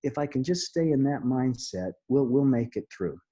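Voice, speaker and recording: A middle-aged man, an interview guest, recounting a personal story in an earnest, halting way with frequent restarts and soft laughs. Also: medium pitch, expressive, husky, highs cut off.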